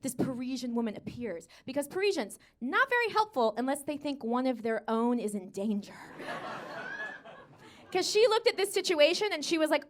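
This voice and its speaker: An American woman in her thirties works a live comedy stage on a handheld mic. Her voice sits high and bright, with a bold pitch that leaps up and down. She is brassy and sassy, chuckles at her own punchlines, and slips into voices. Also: very animated, moderate pace. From United States. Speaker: stand-up comedian.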